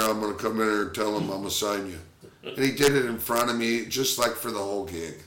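Lower-voiced man telling lively anecdotes. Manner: animated anecdote teller, laughs often. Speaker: former pro baseball catcher, guest. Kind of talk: casual storytelling interview. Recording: roomy echo.

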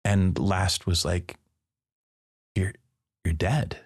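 A man's voice: low-pitched, steady tone, drawn-out words, breathy edge. A man, a priest and podcast guest, telling a personal story in casual conversation and acting out the dialogue with playful asides. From Midwestern United States.

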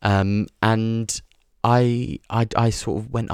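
A man's voice: fairly low pitch, flat delivery, takes it slowly, clear, resonant tone, dry recording. A man hosting a podcast, talking in a rambling comic monologue, full of restarts and swearing. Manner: digressive, sweary, stumbling restarts. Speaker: podcast host.

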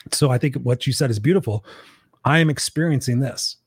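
Fast-talking husky man hosting a chat. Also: medium pitch, no room sound, studio quality. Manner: animated, swears freely, acts out quoted voices. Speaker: podcast host. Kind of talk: casual coaching conversation.

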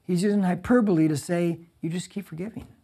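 A male pastor giving a conversational verse-by-verse sermon, reading scripture and breaking in with lively asides. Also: high-pitched, fast, creaky. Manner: conversational, animated preaching with asides.

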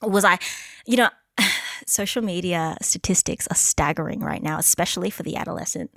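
Candid, animated woman on a podcast. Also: on the low side, moderate pace, vocal fry, no room sound, clean studio sound. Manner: animated, laughs often, frank. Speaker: guest, content creator. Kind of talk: casual podcast chat. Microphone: podcast microphone.

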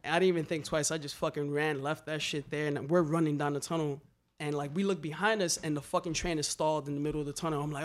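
Animated slangy New man telling stories. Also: a little high, fairly quick. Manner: animated, swearing, slangy, acts out quotes. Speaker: graffiti writer telling stories. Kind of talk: casual storytelling.

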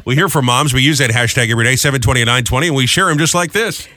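A middle-aged man with a New Jersey accent, hosting a radio show in quick, playful banter. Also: mid-range voice, pushed and bright. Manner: fast-talking, playful. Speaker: radio host.

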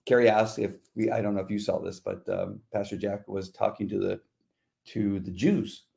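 A man's voice: lowish voice, fairly even intonation, moderate pace, vocal fry, warm tone. A middle-aged man co-hosting a podcast, chatting casually and acting out quotes as he tells stories. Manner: laid-back storyteller, acts out quotes. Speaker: podcast co-host. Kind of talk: casual chat.

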